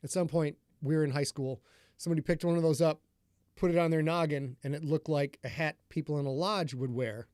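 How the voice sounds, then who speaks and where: A rambling, chatty man from northern Michigan hosts a live stream before a reading and greets viewers as they arrive. His voice sits a bit high for a man. The sound is dry and close, with almost no room. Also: steady tone, a little fast, a little mellow, no echo. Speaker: author hosting a live podcast reading. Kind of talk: casual chat with a live stream audience.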